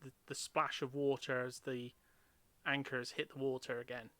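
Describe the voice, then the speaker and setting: Male game master, bright tone, dry close sound, halting narration. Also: mid-range voice, little pitch movement, dry recording. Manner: hesitant, many ums while describing scenes.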